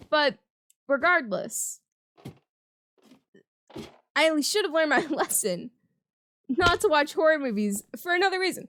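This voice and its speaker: A high-pitched young woman hosting her own gaming channel. She tells a story in a rambling, chatty way and keeps breaking into giggles. Her speech is loose, with frequent restarts. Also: unhurried, long pauses, fairly bright tone, dry recording. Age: young adult. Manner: giggly, laughs often mid-sentence. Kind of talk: casual storytelling over gameplay commentary.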